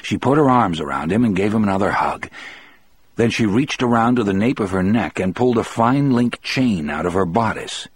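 Male audiobook narrator, first-person novel: deep, husky, measured, dry close recording. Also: expressive, dry recording.

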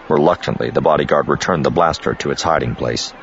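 Deep-voiced male audiobook narrator. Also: quick pace, muffled recording, a little hiss or hum. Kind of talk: scripted narration.

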